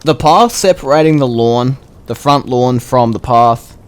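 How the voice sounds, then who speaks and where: A young man with an Australian accent, telling a story in a rambling, crude and excitable way. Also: mid-range voice, unhurried. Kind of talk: casual storytelling.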